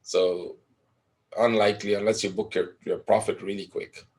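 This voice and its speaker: A man's voice: fairly low pitch, level tone, normal speed, darkish tone. A man teaching forex trading in a live webinar, talking casually through chart patterns and often checking in with "right?".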